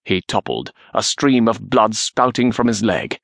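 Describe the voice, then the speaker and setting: A man narrating a historical novel in a measured, steady reading. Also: lowish voice, creaky, no echo, studio quality. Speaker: audiobook narrator.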